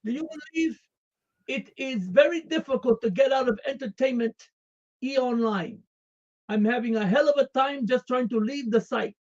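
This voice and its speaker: A streamer playing a devoted Russian communist comrade with a put-on Russian accent, speaking in deadpan, formal broken English on a comedic live stream. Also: high voice, moderate pace, highs cut off, close to an everyday voice.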